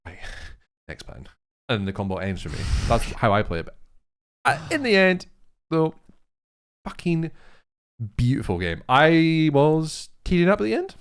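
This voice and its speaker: A young man co-hosting a casual chat, excitable and rambling, swearing freely. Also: fairly high pitch, moderate pace, long pauses, clear, resonant tone. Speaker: co-host.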